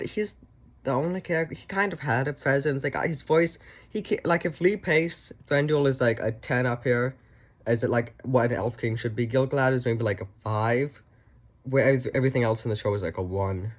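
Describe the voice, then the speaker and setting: Rambling, sarcastic man. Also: medium pitch. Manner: rambling, many ums, sarcastic and mocking. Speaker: reviewer and author. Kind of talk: casual spoken review.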